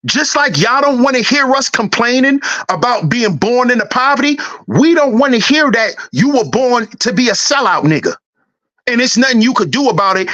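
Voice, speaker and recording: A man's voice: very high-pitched, pushed and bright, highs cut off. A man hosting a livestream, ranting in a heated, preachy and profane way, repeating his lines for emphasis. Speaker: livestream host. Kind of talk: livestream commentary rant.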